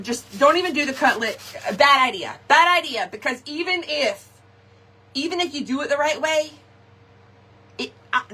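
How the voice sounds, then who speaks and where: Woman host, casual animated story to viewers; bright, slightly breathy tone. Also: sits high. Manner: chatty, animated, keeps saying "okay" and "y'all". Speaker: craft shop host.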